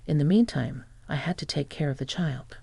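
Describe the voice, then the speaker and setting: Tts reader doing a callous old father-in-law, gravelly and low-key, flat delivery. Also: brisk, no echo. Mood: dismissive. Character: older father-in-law, callous then pleading.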